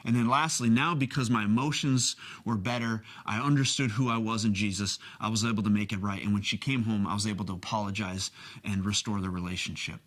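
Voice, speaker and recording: A man's voice: on the low side, steady tone, brisk, fairly bright tone. A man in a teaching talk on discipleship, earnest and personal, drawing on stories from his own marriage.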